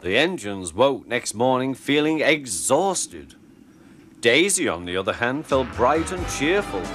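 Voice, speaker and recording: Slow expressive male storyteller. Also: medium pitch. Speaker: narrator. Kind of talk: storybook narration. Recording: music playing underneath.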